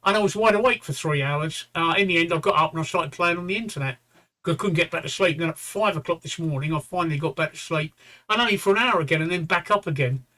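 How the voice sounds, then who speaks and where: A man in his fifties or sixties chats on a livestream in a tired, rambling way. He stops and restarts often and lets the odd swear word slip, and his voice sits a little high for a man. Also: fast, sharp tone. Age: 50s-60s. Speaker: livestream co-host. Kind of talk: casual chat.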